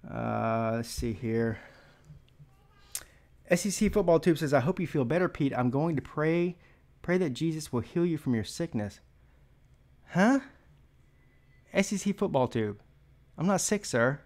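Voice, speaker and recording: A man's voice: a little high, animated, normal speed, a little mellow. Breathless man chatting on a live stream. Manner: rambling, joking, many fillers. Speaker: sports vlog host. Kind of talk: casual live-stream chat.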